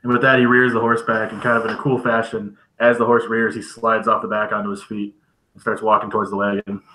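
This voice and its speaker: A man's voice: fairly low pitch, level tone, fast, pushed and bright, reverberant, rough recording. A man describing his character's actions as a player in a tabletop role-playing game.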